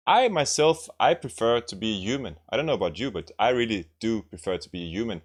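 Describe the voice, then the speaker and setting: A man teaches a language lesson to camera. He repeats his example sentences slowly and keeps asking "right?" to check that the listener follows. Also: lowish voice. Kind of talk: explaining grammar to camera.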